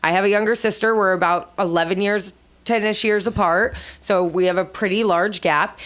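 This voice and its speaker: A woman in her thirties co-hosting a casual motivational chat, with chatty, animated storytelling. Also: mid-range voice, normal speed. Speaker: co-host.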